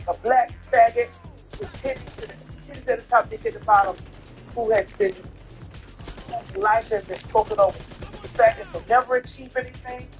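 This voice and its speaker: A man's voice: very high voice, sing-song, moderate pace, faint music behind. A tipsy man telling a personal story in a casual way, emphatic, repetitive and profane.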